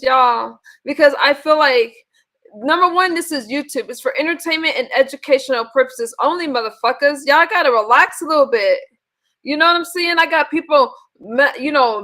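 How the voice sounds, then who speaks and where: A woman's voice: high-pitched, bright, forceful tone. A woman hosting a live online panel, bluntly and profanely scolding her viewers. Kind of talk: live-stream chat, ranting to viewers.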